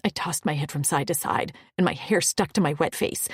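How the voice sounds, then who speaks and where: A woman's voice: low-pitched, fairly quick, hardly any pauses, slightly rough, no echo, clean studio sound. A woman narrating a first-person romance audiobook with an emotional, often whispered delivery.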